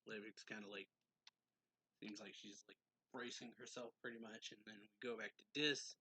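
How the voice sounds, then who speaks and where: Rambling man with a bright, dry voice. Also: lowish voice, fairly even intonation, moderate pace, slightly rough, dry recording. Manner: rambling, filler-heavy, loose and offhand. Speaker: manga chapter reviewer. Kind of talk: casual recap of a manga chapter.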